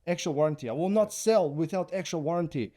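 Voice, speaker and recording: A man voicing a loud, pushy older male electronics salesman in a thick put-on accent. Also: a little high, fast, close to an everyday voice. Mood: insistent.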